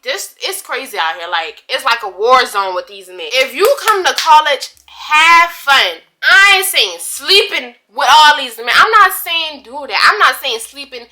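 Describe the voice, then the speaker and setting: Animated young woman telling a storytime. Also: high-pitched. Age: young adult. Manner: chatty, animated, dramatic retelling with asides to viewers; drawled slang, casual speech. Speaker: vlogger. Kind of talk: storytime vlog.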